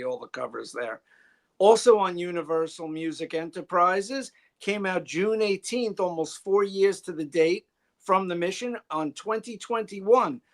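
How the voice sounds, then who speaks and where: Man, high voice, podcast co-host, informative album review, video call. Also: a bit bright. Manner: informative, reading off facts.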